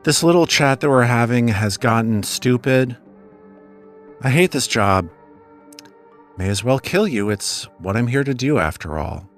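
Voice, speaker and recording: Man playing a contemptuous female devil, flat and cold, quiet delivery. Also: medium pitch, measured pace, faint music behind, lightly acted. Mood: bored. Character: bored, cruel female devil.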